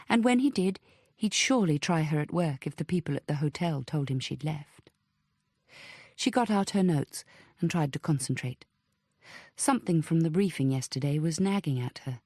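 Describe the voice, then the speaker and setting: Her voice sitting low, a woman reads an audiobook script with measured, even storytelling. The clean studio recording has no echo.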